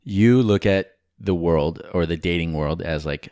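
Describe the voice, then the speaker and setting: A man's voice: sits low, fairly even intonation, measured pace, hardly any pauses, darkish tone, dry recording, clean studio sound. A man co-hosting a podcast, giving rambling, frank advice with casual swearing and jokes. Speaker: podcast co-host.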